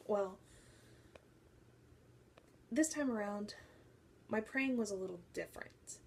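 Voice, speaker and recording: A young woman telling a personal faith story to her viewers, animated and acting out what people said. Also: a little high, unhurried, long pauses, slight background noise. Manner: animated storytelling, acts out quoted voices. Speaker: faith vlogger. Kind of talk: personal testimony to camera.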